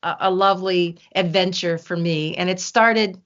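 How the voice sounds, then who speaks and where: A woman's voice: lowish voice, steady tone, normal speed, fairly bright tone. An older woman, a guest herbalist, chatting in an interview, telling stories with many restarts. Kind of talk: casual interview chat. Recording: dull lo-fi sound.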